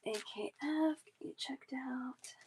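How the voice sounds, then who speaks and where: A high-voiced woman takes her time as she hosts a live bead sale, with background noise behind her. Chatty and casual, she answers viewers by reading their comments aloud and reels off prices and sizes.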